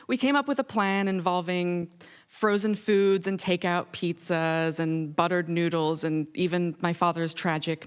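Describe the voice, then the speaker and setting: A woman in her twenties from central Massachusetts, telling a personal story on stage in a wry, expressive way with dramatic pauses. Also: lowish voice, clean tone. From central Massachusetts, USA.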